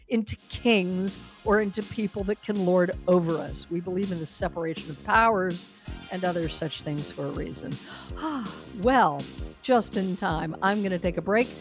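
Brief: woman radio host, sardonic and opinionated, mid pitch, dry sound. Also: dry recording. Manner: sardonic, opinionated, laughs at her own jokes. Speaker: talk show host. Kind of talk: opinion commentary.

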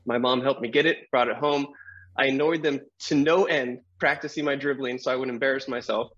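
A middle-aged man, a guest on an interview show, telling a personal story in a lively way, acting out the voices of people in it and laughing often. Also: medium pitch, brisk, lo-fi sound.

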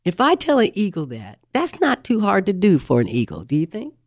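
A woman guest on a talk show, a leadership coach explaining communication styles in an animated, teaching manner. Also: mid-range voice, a little fast.

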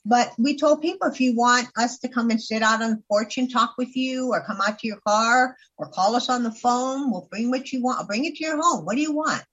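A high-pitched woman from California talks as a guest on a radio show, telling stories with emphasis and frequent restarts. The sound is dull and lo-fi, like a broadcast recording. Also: fairly quick, hardly any pauses, fairly bright tone. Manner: storytelling, emphatic, with repeated starts. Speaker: herbalist guest. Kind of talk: casual radio chat.

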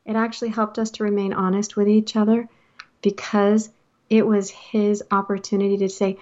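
A woman hosts a motivational talk and speaks earnestly to her listeners about caring for others. Her voice sits at an ordinary middle pitch. The recording sounds a little dull and lo-fi. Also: level tone, moderate pace, darkish tone. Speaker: host.

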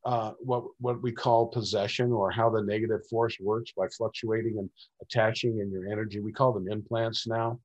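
A man's voice: fairly low pitch, level tone, normal speed, muffled recording. A man speaking as an interview guest, telling a long, rambling story about his own experiences. He acts out what other people said as he goes. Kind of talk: recounting personal experiences.

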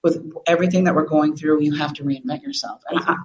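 A woman's voice: low-pitched, quick pace, roomy sound, highs cut off. A middle-aged woman in an interview as a business coach, telling an emotional story animatedly and acting out quotes. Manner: animated, laughs often, acts out quotes.

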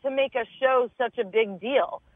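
A woman's voice: a little high, moderate pace, dry recording. Candid woman comic on a tinny line. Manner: candid, swears casually, acts out her own thoughts. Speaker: stand-up comedian, guest. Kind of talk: casual podcast chat. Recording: dry, tinny phone-like sound.

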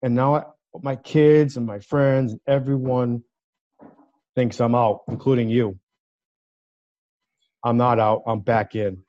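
A man guesting on a talk show, telling a story in a lively way and acting out the voices of the people in it. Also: medium pitch, slow pace, pauses often, dry recording. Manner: animated, acts out quoted voices. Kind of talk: casual storytelling. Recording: dull lo-fi dry sound.

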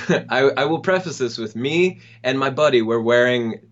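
A man's voice: mid-range voice, faint music behind. A young man telling a funny personal story on a podcast, acting out the people in it and laughing now and then. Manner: animated, acts out the people in his story with quick laughs. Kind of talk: casual storytelling. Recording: dull lo-fi sound.

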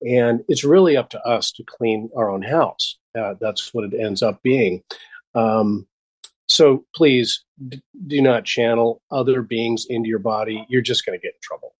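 Male host, husky, dry close sound, halting delivery with excited bursts. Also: medium pitch, dry recording, rough recording. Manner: halting, many restarts and fillers, bursts of enthusiasm. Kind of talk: casual spiritual chat.

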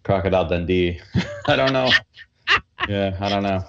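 A man who works as a coach, chatting as a guest in a relaxed, easygoing way with frequent fillers and laughs. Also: lowish voice, measured pace, creaky, dull audio, heavy background noise. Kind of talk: casual interview chat.

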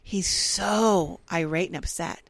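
A middle-aged woman chatting casually, telling lively stories and acting out what others said. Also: fairly low pitch, takes it slowly, creaky, no room sound. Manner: animated storyteller, acts out quotes. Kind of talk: casual chat.

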